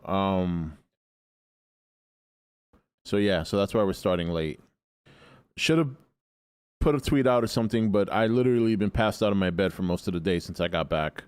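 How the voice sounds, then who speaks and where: A man with a low, sleepy-rough voice hosts a live stream from his desk mic, sounding like he has just woken up. He talks in loose, opinionated rambles, swears freely and answers his chat as he goes. The sound is dry and close. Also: lively intonation, moderate pace, pauses often, no room sound. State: groggy just-woken morning voice. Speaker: livestream host.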